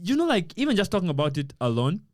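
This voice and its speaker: A young man from Uganda talks in a casual podcast chat. His voice sits a little high and sounds dry and close to the mic. He tells his stories with animation and keeps acting out what he said. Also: fast talker, dry recording. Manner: animated storytelling, quotes himself often. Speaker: podcast guest. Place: podcast room.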